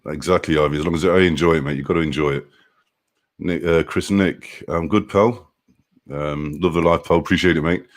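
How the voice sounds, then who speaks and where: A truck driver chats casually on a live stream, reading out viewer comments, greeting people by name and laughing often. His voice rumbles low with fairly even intonation at a brisk pace.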